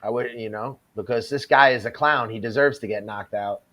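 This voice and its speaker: A man talks casually and bluntly as he reacts to video clips, now and then laughing at what he sees. His voice sits in an ordinary middle pitch, relaxed and conversational. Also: a little fast, background noise.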